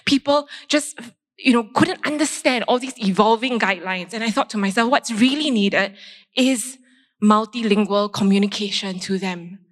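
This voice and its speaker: A woman, a doctor giving a faith testimony and telling her story in a lively way, acting out her own reactions. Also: on the high side. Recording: long reverb in a large hall.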